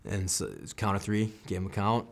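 Deep-voiced American man recounting combat. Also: steady tone, fairly quick. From United States. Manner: intense first-person combat recounting, acts out quoted lines. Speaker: military veteran guest. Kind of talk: interview storytelling.

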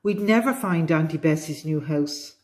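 A woman with an Irish accent voicing a stubborn, tricky little boy who yells and whines his protests in a storybook. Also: low-pitched, moderate pace, natural voice. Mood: scheming. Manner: whiny, yelling protests.

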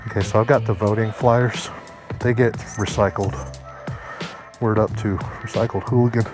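A man's voice: on the low side, fairly even intonation, moderate pace, music in the background. A man giving casual, jokey, rambling motovlog narration while riding through town and talking to viewers as kids. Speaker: motorcycle vlogger. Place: riding a motorcycle through town streets, later indoors.

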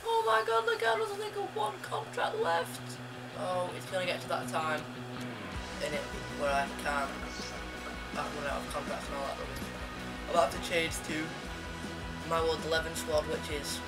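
A young man commentating on his own football video game match, rambling casually and bursting into yells and chants at goals. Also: fairly high pitch. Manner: excitable, yells and sings at goals. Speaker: gaming YouTuber. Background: loud background music.

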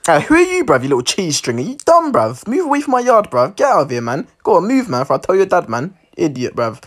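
A man's voice: wildly swooping pitch, fast talker, a bit bright, exaggerated voice. A man voicing a cheeky young male penguin roadman, slangy and taunting. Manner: slangy, taunting, swings high to low. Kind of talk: comic cartoon voice acting.

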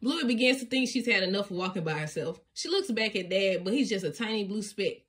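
A woman's voice: mid-range voice, fairly quick, few pauses, husky. Woman reading a children's storybook aloud. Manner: expressive, sing-song reading with frequent laughs. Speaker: storybook reader.

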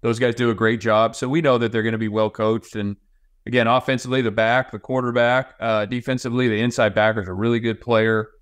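A male head football coach in his forties answering interview questions in a measured way, with frequent pauses. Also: medium pitch, level tone, clear, resonant tone, no echo. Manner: measured, with many fillers and restarts.

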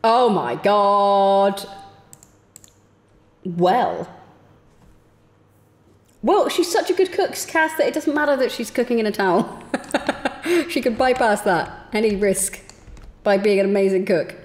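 A young woman talks her way through a game, chatting to the little people on screen and reacting as things happen. Her voice leaps high with excitement and dips low again, very animated. The tone is casual and playful. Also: slow, pauses often. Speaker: streamer. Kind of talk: casual gameplay commentary.

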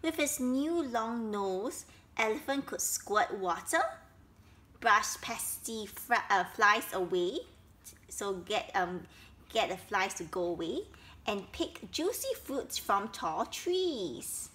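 A woman's voice: medium pitch, lively intonation, fairly bright tone. A woman reading a children's story aloud, stopping often to explain it simply for young listeners. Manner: slow, explains each step for young listeners.

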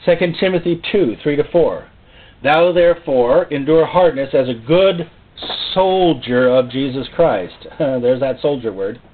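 A man's voice: mid-range voice, measured pace. Preacher man on a tinny line. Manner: emphatic, repeats phrases for stress. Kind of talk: sermon. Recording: tinny phone-like sound.

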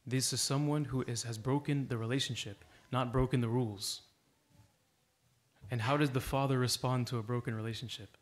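A man's voice: mid-range voice, fairly even intonation, normal speed. A man preaching a sermon in a church, earnest and exhorting, telling a story to make his point.

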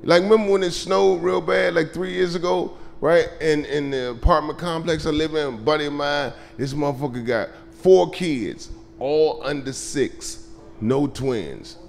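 A man doing live stand-up comedy, telling loose, profane stories and shouting his punchlines. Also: a little high, normal speed, vocal fry. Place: comedy club stage. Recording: live club recording with crowd laughter. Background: audience laughter.

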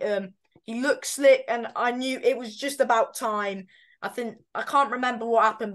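A woman's voice: fairly high pitch, a bit bright. A woman co-hosting a casual boxing predictions chat, talking in a hesitant way with frequent fillers and self-corrections. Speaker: boxing pundit co-host.

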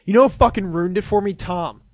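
A young man co-hosting a casual podcast, swearing freely and telling animated stories. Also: sits high, fairly quick, dry recording, clean studio sound. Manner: swears a lot, animated storytelling. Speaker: podcast co-host. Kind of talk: casual chat.

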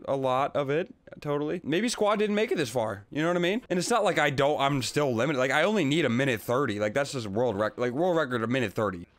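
Young guy, gaming reaction host, loud swearing outbursts, swooping pitch. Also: fast, few pauses. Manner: loud, excitable, heavy swearing, frustrated outbursts. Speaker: gaming YouTuber. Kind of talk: live reactions while playing a game.

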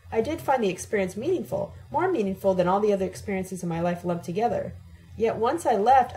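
Woman reading a novel, mellow voice. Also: medium pitch, low-quality recording. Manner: steady, even-paced first-person reading. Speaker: audiobook reader.

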